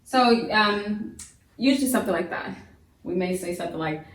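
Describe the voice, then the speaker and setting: A woman's voice: medium pitch, normal speed, slight background noise. A woman homeschool teacher giving a recorded grammar lesson, chatty and repetitive, often restarting her sentences. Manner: chatty, repeats and restarts, many fillers. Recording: roomy echo, voice from a distance.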